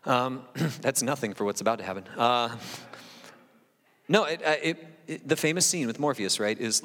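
A man's voice: mid-range voice, lively intonation, normal speed, fairly bright tone. Man preaching in a reverberant sanctuary. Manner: conversational and self-deprecating, with frequent asides and "right?". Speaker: pastor. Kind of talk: sermon with scripture reading. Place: church sanctuary. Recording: long reverb of a large hall.

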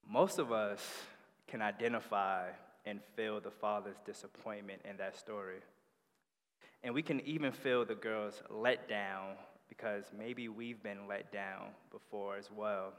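Animated preacher in a reverberant hall. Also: male voice, fairly low pitch, a little slow. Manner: animated storytelling with rising energy. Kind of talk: sermon.

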